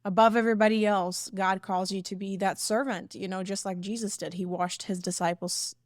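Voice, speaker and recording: A woman takes part in a faith-based discussion as co-host, speaking thoughtfully and conversationally. Her voice sits at an ordinary pitch for a woman. The recording is dry and close. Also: steady tone, fairly quick, no echo.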